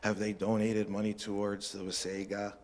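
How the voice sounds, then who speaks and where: A man's voice: on the low side, completely flat delivery, normal speed. A man addressing a town council during public comment, talking in a blunt, rambling, combative way. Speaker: resident speaking to council. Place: council chamber. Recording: long reverb of a council chamber.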